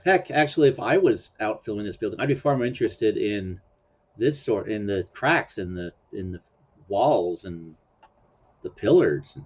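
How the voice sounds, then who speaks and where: A man's voice: lowish voice, lively intonation, a little slow, a little mellow, husky. A man hosting a casual commentary chat, chuckling often and meandering with fillers. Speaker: host. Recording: dull lo-fi sound.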